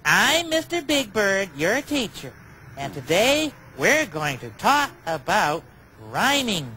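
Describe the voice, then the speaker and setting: A man voicing a big, gentle, childlike bird on children's TV, talking earnestly and sing-song to the viewer. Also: high-pitched, very animated, slow pace, slight background noise, heavily acted, low-quality recording. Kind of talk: children's TV chat to camera.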